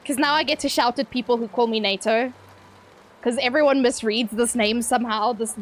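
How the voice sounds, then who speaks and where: High-voiced, playful woman streamer. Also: fairly even intonation, fairly quick. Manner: playful, chatty, swears freely, laughs often. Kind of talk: casual live-stream chat with viewers.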